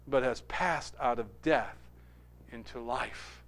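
A man preaching an emphatic sermon, swinging between forceful declarations and hushed asides. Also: sits high, big pitch swings, unhurried. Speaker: pastor.

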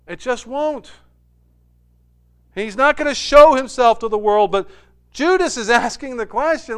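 A man preaching a sermon, animated, dropping to a hush and rising loud when he acts out quoted lines. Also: very high voice, moderate pace, clear, resonant tone. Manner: animated, swings from hushed to loud when quoting. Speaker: pastor.

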